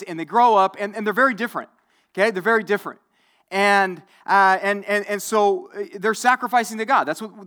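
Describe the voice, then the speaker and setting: A man's voice: high-pitched, sharp tone. A man in his forties, a pastor giving a conversational sermon, often repeating himself and checking in with his listeners. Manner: conversational, repetitive, asks the audience.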